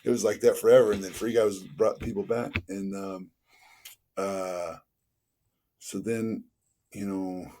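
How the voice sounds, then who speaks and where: A man from the Los Angeles area, a podcast guest telling stories in a casual, animated way, acting out quoted dialogue and using lots of fillers. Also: low-pitched, a little slow, pauses often. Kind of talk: casual storytelling.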